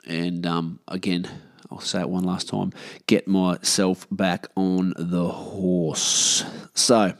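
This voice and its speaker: This is an Australian man in his thirties hosting a casual solo podcast from his living room. His low voice keeps a level tone at a slow pace, and the recording is dry with clean studio sound. He rambles and swears freely.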